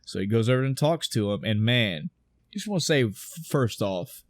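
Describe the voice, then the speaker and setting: Male podcast co-host, mid pitch, animated play-by-play recap, dry close recording. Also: moderate pace, dry recording. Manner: excited retelling with swearing and quoted dialogue. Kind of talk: casual film discussion.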